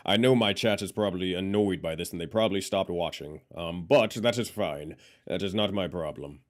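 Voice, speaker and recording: A man's voice: low voice, a little fast, few pauses. A man live-streaming who keeps testing his microphone and talking to his chat, sounding frustrated. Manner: frustrated, testing his mic with repeated phrases.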